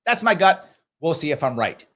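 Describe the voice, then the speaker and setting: This is a middle-aged political commentator and livestream host running a live Q&A, his pitch swooping as he talks to the camera. Animated throughout, he addresses viewers directly and imitates others in rapid voices.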